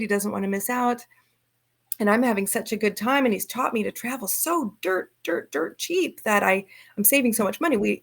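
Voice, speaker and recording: Gravelly-voiced woman telling travel stories. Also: fairly high pitch. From Southern California. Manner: lively storyteller acting out quoted voices. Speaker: guest, author and traveler. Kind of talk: storytelling in an interview. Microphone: video call.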